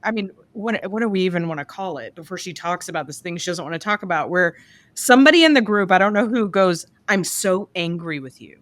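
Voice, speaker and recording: A woman's voice: fairly low pitch, expressive, fast talker, a bit bright, no echo. A woman therapist co-hosting a podcast, talking candidly about her work with frank, exasperated asides. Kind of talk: casual chat.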